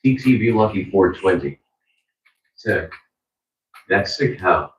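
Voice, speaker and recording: Deep robotic male chat-reading voice. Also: takes it slowly. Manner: flat, mechanical reading of usernames and chat messages. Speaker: text-to-speech chat reader. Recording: distant, echoey, slightly noisy.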